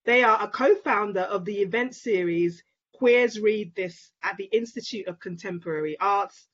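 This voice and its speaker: Soft-spoken woman author, muffled call audio. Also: medium pitch. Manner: soft-spoken and effusive, with halting fillers. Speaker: guest author. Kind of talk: casual online book event chat.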